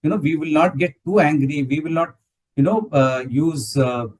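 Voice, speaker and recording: A man's voice: on the high side, normal speed, darkish tone, breathy edge, distant mic, low-quality recording. A man explaining ideas in a spiritual talk, often checking in with "right?". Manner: explanatory, ends points with "right?". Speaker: satsang speaker.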